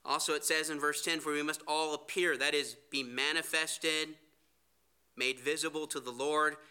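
A man's voice: a little high, level tone, moderate pace, sharp tone, clear, resonant tone. A man preaching a sermon, earnest, reading scripture aloud. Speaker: pastor.

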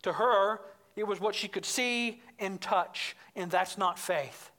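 A woman preaching an expository sermon in an emphatic way, getting higher and louder as she stresses her points. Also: takes it slowly. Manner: emphatic, rises in pitch and volume when stressing points.

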